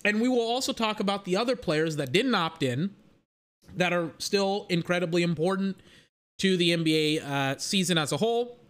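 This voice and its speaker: A young man hosting a casual solo podcast, rambling excitedly and swearing casually. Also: high-pitched, moderate pace. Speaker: podcast host.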